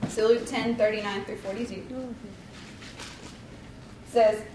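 A woman's voice: fairly high pitch, fairly even intonation, unhurried, background noise. A woman leading a casual devotional talk, chatty and rambling, with lots of likes and ums and a self-deprecating tone. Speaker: Bible study leader. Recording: roomy, distant mic, faint ambience.

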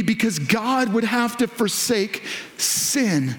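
A male pastor preaching a sermon to several campuses, animated, lifting his voice when he quotes scripture. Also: sits high, a little slow. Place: large church auditorium. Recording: echoey hall.

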